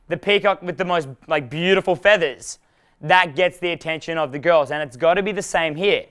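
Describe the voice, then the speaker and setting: A man giving a live dating seminar, animated and profane, laughing at his own jokes. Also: high-pitched, clean tone. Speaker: dating coach.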